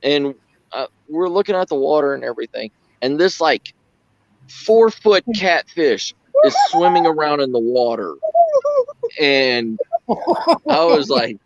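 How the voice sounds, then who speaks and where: A man's voice: a little slow, dry recording, highs cut off. A man telling a story in a casual chat, acting out the voices in the story and swearing freely. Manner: animated, acts out quoted lines with big pitch jumps, swears.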